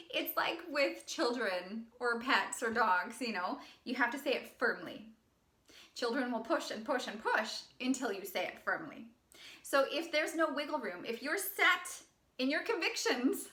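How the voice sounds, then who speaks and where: A woman's voice: fairly high pitch, pushed and bright. A woman hosting her own channel, giving upbeat advice straight to camera and laughing often between points. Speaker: channel host and wellness practitioner. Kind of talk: direct-to-camera advice talk. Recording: echoey room.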